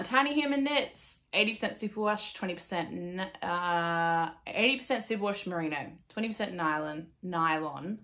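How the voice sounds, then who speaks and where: A chatty Australian woman hosts a knitting podcast in a relaxed, casual way. She swears freely, pokes fun at herself and laughs often. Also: lowish voice. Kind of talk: casual chat.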